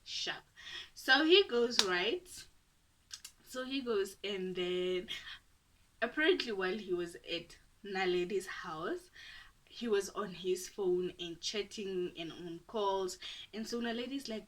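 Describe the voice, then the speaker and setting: A woman's voice: medium pitch, lively intonation, slow pace, a bit bright. A young woman from Namibia, telling a personal story to her viewers in a chatty, dramatic way and laughing at herself often. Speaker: YouTuber. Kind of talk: casual storytime.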